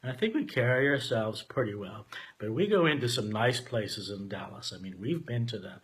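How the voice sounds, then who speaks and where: A man in his forties telling a candid personal story, emphatic and profane, swinging between loud outbursts and quiet asides. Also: medium pitch, lively intonation, moderate pace, breathy edge. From Canada.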